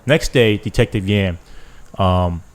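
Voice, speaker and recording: A man's voice: sits low, slow pace. A police sergeant, a man, tells a story in casual podcast talk, acting out the dialogue and often checking in with "right?". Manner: animated retelling, acts out quoted dialogue, keeps checking in with "right?".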